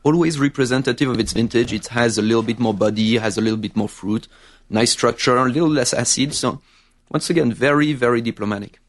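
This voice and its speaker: A man from France with a French accent, a winery guest in a casual wine tasting chat, halting and often repeating words as he searches for the English. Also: mid-range voice.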